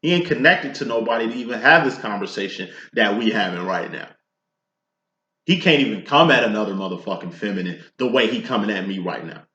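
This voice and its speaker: Male tarot reader, bright and forceful; streetwise, profane, preachy. Roomy, slightly dull home recording. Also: lowish voice, expressive, fairly quick. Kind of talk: casual spoken tarot reading.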